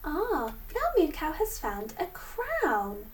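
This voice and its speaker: A woman teaching phonics to young children, sounding out each word slowly and clearly. Her voice is high and swoops widely in a sing-song way. The voice sits back from a distant mic. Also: very animated, a little hiss or hum.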